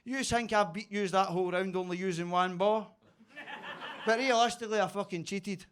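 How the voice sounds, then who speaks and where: Man, Scottish accent, stand-up comic, high voice, sweary storyteller, noisy live club. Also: steady tone. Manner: loud, sweary, quick storytelling. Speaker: stand-up comedian. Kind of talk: stand-up routine. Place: basement comedy club.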